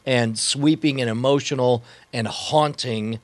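A man's voice: medium pitch, measured pace, dry recording. Man musing over films, dry close mic. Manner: thoughtful, many restarts and fillers. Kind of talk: casual podcast discussion.

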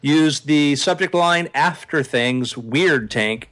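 A man's voice: on the high side, slow, few pauses, a bit bright. A man hosting a podcast, chatting casually with a wry, sarcastic edge. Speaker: podcast host. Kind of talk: casual chat.

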